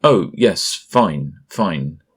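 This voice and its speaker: A man's voice: sits low, lively intonation, very slow, husky, full character voice. A man doing a flustered rich newspaperman. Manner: flustered, overly polite.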